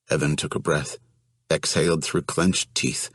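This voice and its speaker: A man reading an audiobook in a steady, even storytelling manner. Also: rumbling low, unhurried, breathy edge, no room sound, studio quality. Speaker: audiobook narrator. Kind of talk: audiobook narration.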